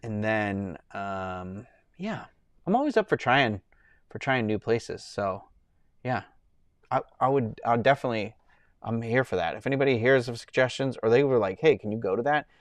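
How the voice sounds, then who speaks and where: A young man hosting a casual live stream, rambling and chatting with viewers in a loose way, full of fillers and quick laughs. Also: medium pitch, animated, no echo. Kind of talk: casual chat reading viewer comments.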